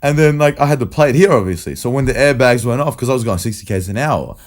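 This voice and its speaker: A man's voice: mid-range voice, lively intonation, quick pace. A young man recounting an accident in casual chat, laid-back and matter-of-fact. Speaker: podcast guest.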